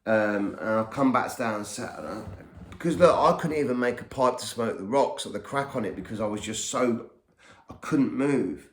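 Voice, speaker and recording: A man's voice: medium pitch, expressive, normal speed. Man telling a story in a roomy echo. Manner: rambling, repeats words while recalling events. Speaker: podcast host. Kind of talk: personal storytelling.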